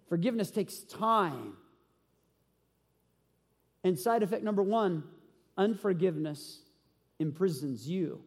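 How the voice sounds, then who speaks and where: A man's voice: sits high, darkish tone. A male pastor preaching a sermon, reading scripture aloud and putting questions to the congregation. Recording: long hall reverb.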